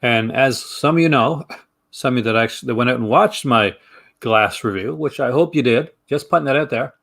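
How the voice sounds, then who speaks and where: A man chats casually to camera as the host of a film review channel. His talk is rambling and chatty, his pitch sits in an ordinary middle range, and he laughs easily between thoughts. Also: fairly quick, gravelly, fairly bright tone.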